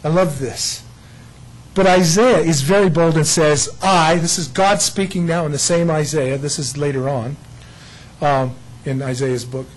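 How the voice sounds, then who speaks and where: A man preaching a sermon, emphatic and animated, often voicing God's words in quick asides. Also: on the high side, rough recording. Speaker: pastor.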